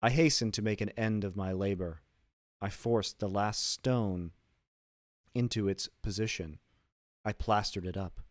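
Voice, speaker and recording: Slow, measured man reading a dark tale. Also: on the low side, no echo, clean studio sound. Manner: slow, measured, deliberate delivery. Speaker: streamer reading classic literature. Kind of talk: dramatic reading of a classic story.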